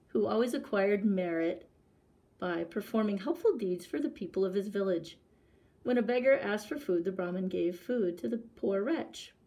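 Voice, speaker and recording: Library lady reading a kids story out loud, clear and expressive, normal pitch. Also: poor audio. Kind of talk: reading a picture book aloud.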